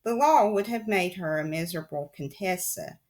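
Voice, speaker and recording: A woman's voice: lowish voice, lively intonation, normal speed, a little mellow. A woman reading a children's novel aloud in a wry, confiding tone, often speaking straight to the listener. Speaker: audiobook reader. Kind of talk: audiobook narration.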